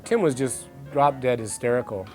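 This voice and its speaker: A man reminiscing in an interview, relaxed and chatty with frequent fillers. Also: medium pitch, moderate pace, faint music behind. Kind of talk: interview recollection.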